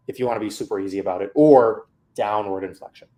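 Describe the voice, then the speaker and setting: A man's voice: fairly low pitch, quick pace, warm tone. A man coaching a student through feedback on her mock interview, candid and casual.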